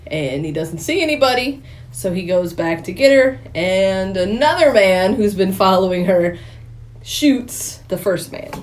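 Woman, podcast co-host, casual plot retelling, acts out quoted lines, laughs a lot, medium pitch. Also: unhurried, slight background noise. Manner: animated storyteller acting out characters' lines, laughing often.

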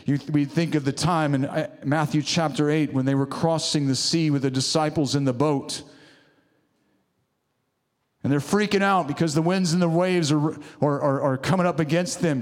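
A man preaching a sermon in church, fervent and exhorting, often urging the room on. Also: on the high side. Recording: long reverb of a large hall.

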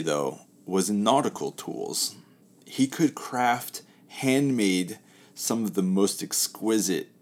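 A man hosting a casual talk who tells a spoken parable in a relaxed, chatty way, letting his phrases trail off softly. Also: low-pitched.

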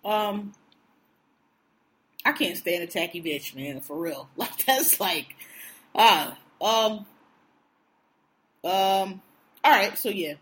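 A woman co-hosting a podcast in casual chat, with a blunt, profane, animated way of ranting. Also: medium pitch, slow, long pauses. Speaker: podcast co-host.

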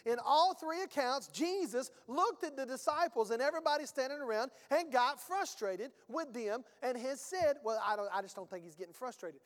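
A male pastor preaches a sermon conversationally and emphatically, using rhetorical questions and folksy phrasing. His voice is very high-pitched with lively intonation at a normal speed, and a long reverb tail trails the audio.

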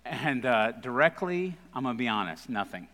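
A man's voice: medium pitch, very animated, normal speed, sharp tone, long reverb tail. A man giving a guest sermon at a live church service, telling funny, self-deprecating stories in a conversational way. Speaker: guest speaker. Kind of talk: humorous storytelling sermon.

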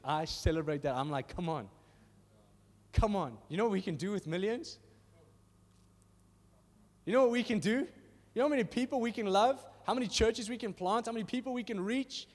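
A man preaching a sermon in a church hall in an animated, conversational way, often asking "are you with me?". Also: high voice, fairly quick. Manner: animated and conversational, acting out little voices, asks "are you with me?". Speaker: pastor. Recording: reverberant hall.

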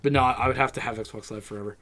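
A man's voice: mid-range voice, fairly even intonation, very fast, crowd noise. Een man in casual gesprek die met veel gevloek brutaal zijn verhalen vertelt. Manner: brash storyteller, swears freely. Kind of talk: casual chat.

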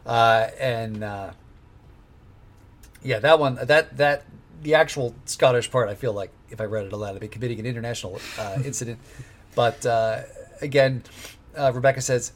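A man's voice: medium pitch, steady tone, measured pace, long pauses. A man co-hosting a casual podcast chat. His delivery rambles and restarts, with wry asides thrown in. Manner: rambling, wry, self-interrupting. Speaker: podcast co-host.

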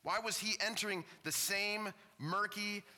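Bright-voiced male pastor preaching. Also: high-pitched, steady tone, a little slow, big-room sound. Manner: impassioned, repeating questions. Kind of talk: sermon. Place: church.

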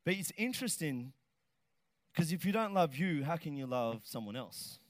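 High-voiced preacher, dry close sound. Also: male voice, moderate pace, no echo. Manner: animated, shouts for emphasis, jokes with the crowd. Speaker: pastor. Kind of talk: lively sermon.

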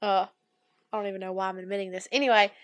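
A woman's voice: medium pitch, steady tone, very fast. A young adult woman chatting casually, telling a long rambling story and acting out the people in it. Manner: rambling storyteller, acts out quoted people, says "anyway" often. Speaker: podcast co-host. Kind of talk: casual chat.

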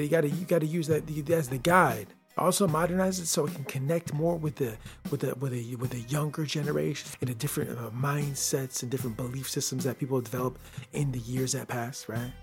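A man hosting his own podcast, talking casually and rambling through an episode review with frequent restarts. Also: a little high. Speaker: podcast host.

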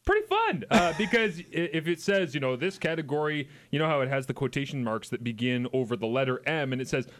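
A man's voice: medium pitch, fast talker, few pauses, a bit bright. Laughing Canadian radio co-host man. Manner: laughs a lot, rambling storyteller. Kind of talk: casual radio banter. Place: radio studio.

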